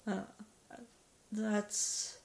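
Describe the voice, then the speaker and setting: A woman from Sweden, giving a halting personal testimony in English and often repeating words. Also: mid-range voice, monotone, creaky, darkish tone. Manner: halting, repeats words, non-native grammar.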